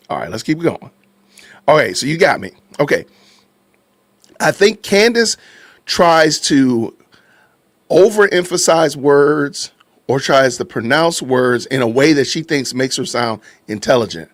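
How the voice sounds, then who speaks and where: Animated man hosting a live stream. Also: on the high side, unhurried, long pauses, dry recording. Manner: animated, reacting to chat, laughing, repeating phrases. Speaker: podcast host. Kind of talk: casual live-stream commentary.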